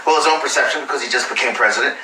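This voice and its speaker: An actor playing a hesitant man who tells a story haltingly with many pauses and restarts. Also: medium pitch, sharp tone, recorded from a distance, a little hiss or hum. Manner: halting, full of fillers and restarts. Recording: roomy and off-mic.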